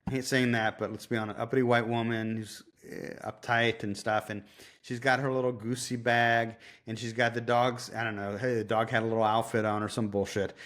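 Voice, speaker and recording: A male podcast guest telling stories in a loose, rambling way. He swears freely and keeps restarting his sentences. His voice sits at a middle pitch. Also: level tone, a little fast, fairly bright tone. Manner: loose, profane, self-interrupting. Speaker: dog trainer, podcast guest. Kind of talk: casual storytelling.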